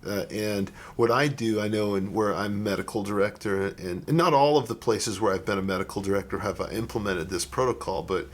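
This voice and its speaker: A man's voice: lowish voice, fairly quick, hardly any pauses. A man talking as an ER physician co-hosting a podcast, rambling and restarting his sentences often in casual conversation.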